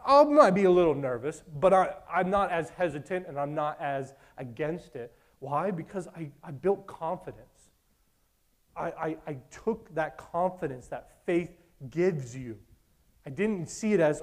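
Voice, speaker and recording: A man in his late twenties preaching a sermon, telling stories in an animated way and acting out his own past thoughts. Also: fairly high pitch, a little slow. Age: 20s.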